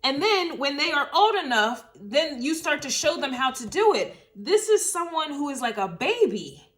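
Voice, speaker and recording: A woman reads tarot cards in a loose, casual monologue, her voice sitting a bit high. She sounds emotional and circles back over her words as she thinks aloud, now and then swearing. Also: very animated, moderate pace, fairly bright tone. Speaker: tarot reader.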